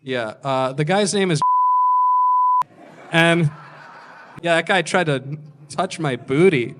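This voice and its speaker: A man doing stand-up at a comedy club, telling a long story in a deadpan way and acting out what people said. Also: a little high, measured pace, very noisy. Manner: deadpan delivery with acted-out quotes.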